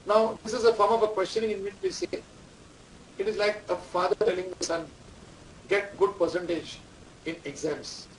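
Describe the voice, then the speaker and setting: A man's voice: high voice, fairly even intonation, fairly quick. Man lecturing a class from afar. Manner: repetitive, quizzing the class, dictating instructions. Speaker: management lecturer. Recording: distant mic, faint room noise.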